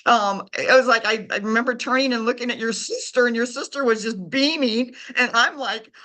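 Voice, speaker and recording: A woman's voice: on the high side, fairly quick, bright, forceful tone. A middle-aged woman telling an emotional story as a guest author, heartfelt and repeating words for emphasis.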